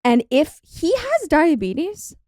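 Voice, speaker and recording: A young woman co-hosting a podcast in casual chat, venting in an animated, profane way. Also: high-pitched, slow pace, no echo, studio quality. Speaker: podcast co-host.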